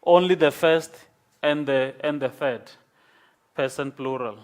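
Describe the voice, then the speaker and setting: Slow-talking male lecturer. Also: fairly high pitch. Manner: slow, patient explaining with repeated "okay?". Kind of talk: online class lecture.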